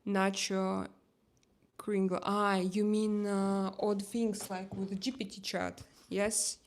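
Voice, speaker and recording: A woman from Russia speaking English with a Russian accent as a livestream host, casually reading viewer comments in halting, non-native English full of pauses. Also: mid-range voice, little pitch movement.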